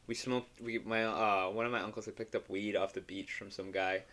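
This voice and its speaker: A young man co-hosting a podcast, telling loose, crude stories full of swearing and quick laughs. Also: fairly low pitch, steady tone, a bit bright. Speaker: podcast co-host. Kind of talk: casual chat.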